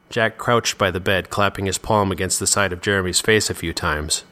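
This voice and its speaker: Man narrating a serial audio drama; crisp bright tone, lower register. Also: normal speed, hardly any pauses. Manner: expressive, steady storytelling.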